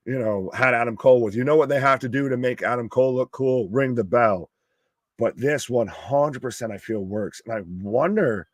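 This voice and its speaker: A man hosting a live watch-along, giving casual wrestling commentary and getting loud and excited at surprises. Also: on the low side, dry recording. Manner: excitable, swears, pops loudly at surprises. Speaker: alternative commentary host.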